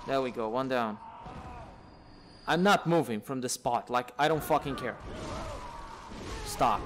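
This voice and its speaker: A let's-play gamer gives live commentary on his own gameplay, exasperated and swearing at the enemies on screen. His mid-range voice is a little slow, and the background is noisy. He uses a desk mic with the camera off.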